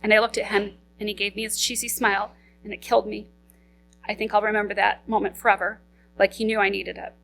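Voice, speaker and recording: A young woman speaks at a memorial service and reads a eulogy for her father. Her voice has a gravelly edge at an ordinary pitch, and she keeps it steady while holding back grief. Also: quick pace, a little hiss or hum, poor audio. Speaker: daughter giving a eulogy.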